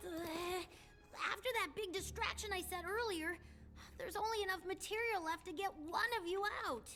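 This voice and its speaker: Tails, a woman doing a high eager boy fox. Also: normal speed, a bit bright, faint music behind. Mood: upbeat.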